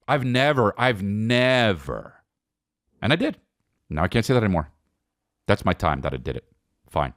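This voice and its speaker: A man co-hosting a podcast, telling a comedic story in an animated, profane, self-mocking way. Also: fairly low pitch, normal speed, pauses often, no room sound, studio quality. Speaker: podcast co-host.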